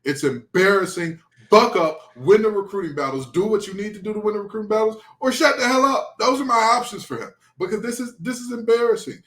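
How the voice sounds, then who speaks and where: A male sports podcast co-host on a heated rant, sarcastic and animated. His voice sits slightly high, and it carries a noticeable room echo. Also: brisk, hardly any pauses.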